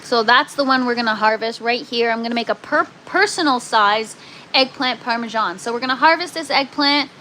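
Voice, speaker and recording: A woman's voice: fairly high pitch, brisk, bright, forceful tone, a little hiss or hum, rough recording. A woman hosting a casual gardening live stream from an indoor grow tent, chatting with viewers and using lots of ums and "you guys.".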